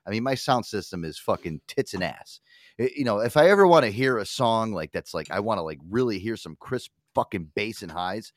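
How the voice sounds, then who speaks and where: In his thirties, a man hosting a podcast tells lively, profanity-laced stories during casual conversation. The voice is on the low side and brisk, studio-quality, with no room sound.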